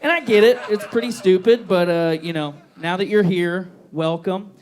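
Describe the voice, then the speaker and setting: A man's voice: high-pitched, moderate pace. A man hosting a live variety show on a bar stage, bantering with the audience in a loose, profane, self-deprecating way. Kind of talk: stand-up style hosting banter.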